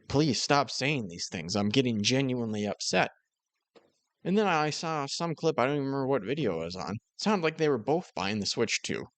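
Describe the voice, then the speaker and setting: A man's voice: medium pitch, no room sound. A man giving casual, mocking commentary on another creator's video. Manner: sarcastic, mocking. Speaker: commentary YouTuber.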